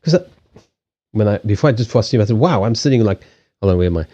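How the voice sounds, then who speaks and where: A man with a low, mellow voice chats loosely on a live stream, circling back on himself and swearing casually. He talks into a desk microphone, and the sound comes through dull and lo-fi. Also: expressive, rapid-fire. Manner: rambling, many restarts, casual swearing. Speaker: live streamer and card reader. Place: desk in a small home. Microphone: desk microphone on a stand.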